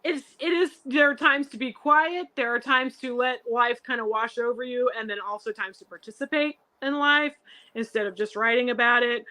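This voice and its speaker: A woman's voice: fairly high pitch, normal speed, sharp tone. A woman poet chatting casually on a show, effusive, giggly and rambling. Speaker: poet, co-host guest. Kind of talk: casual chat.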